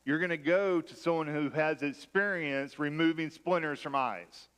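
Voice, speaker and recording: A man's voice: on the high side, normal speed, a bit bright, clean tone. Conversational man preaching a sermon. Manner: conversational, self-deprecating humor. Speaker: pastor. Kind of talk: sermon with personal storytelling. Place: church.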